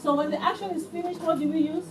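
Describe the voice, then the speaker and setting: A woman's voice: extremely high pitch, fairly even intonation, quick pace, roomy sound, recorded from a distance, poor audio. A woman teaching a beginner English class, patient and questioning, repeating phrases so her learners catch them.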